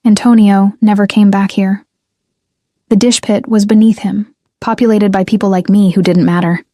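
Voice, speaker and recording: A young woman reading a first-person story in a measured, restrained scripted narration. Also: medium pitch, fairly even intonation, warm tone, no echo, studio quality.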